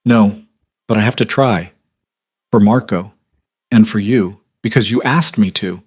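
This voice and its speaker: A man voicing a guarded, vulnerable brooding man who talks quietly with calm control. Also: on the low side, unhurried, breathy edge. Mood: earnest.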